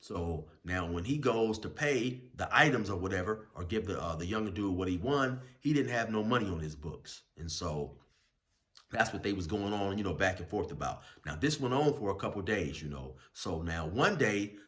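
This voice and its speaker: A man's voice: low-pitched, lively intonation, moderate pace, a bit bright. Slangy man telling a rambling story. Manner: rambling, loose street slang, many fillers and restarts. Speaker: channel host telling prison stories. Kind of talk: casual spoken storytelling.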